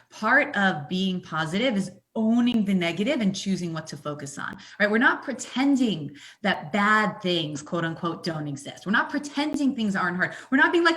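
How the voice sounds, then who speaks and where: A woman and mother of young children, a guest on a talk show, explaining ideas with energetic, emphatic storytelling. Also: lowish voice. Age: adult, mother of young children. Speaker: guest, coach.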